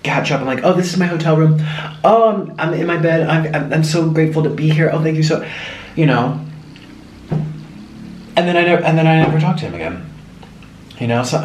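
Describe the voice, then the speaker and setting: Eating as he talks, a young man delivers a casual, rambling vlog monologue in a home room, frequently raising his voice to imitate others. The echoey room carries slight background noise, and his voice sits on the high side.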